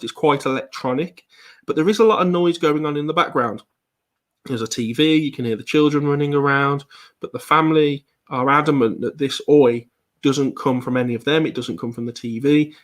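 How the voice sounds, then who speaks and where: A man's voice: on the high side, fairly bright tone. A man giving an online presentation as a paranormal investigator. He talks in a hesitant way, with frequent ums and repeated words.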